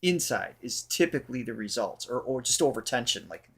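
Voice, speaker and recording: A man who is a vocal coach and show host, explaining how the voice works with everyday analogies in a relaxed reaction chat. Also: medium pitch, brisk, husky.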